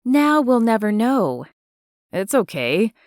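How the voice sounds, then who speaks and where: A woman narrator voicing a gentle, easygoing young male cowboy in an audiobook, her voice dropped a little lower. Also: takes it slowly, no echo, studio quality. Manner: gentle, relaxed drawl-free talk. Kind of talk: audiobook character voice.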